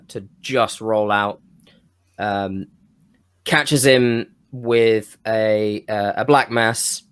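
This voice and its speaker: A man co-hosting a podcast, pitching a wrestling storyline in casual chat, rambling and losing his thread now and then. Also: fairly bright tone, clean tone. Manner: rambling, self-interrupting, with bursts of enthusiasm. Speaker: podcast co-host.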